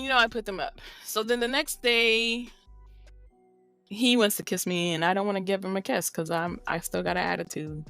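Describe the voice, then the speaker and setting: Middle-aged woman co-host, salty and animated storyteller, mid pitch. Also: no echo. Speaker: podcast co-host. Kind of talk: casual chat.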